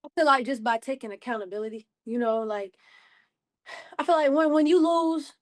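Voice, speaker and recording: A woman in her twenties, a rookie basketball player, answering interview questions in a casual, slangy, animated way. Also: high-pitched, normal speed, no room sound, studio quality. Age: 20s. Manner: lively, laughing, slangy, lots of "you know what I'm saying".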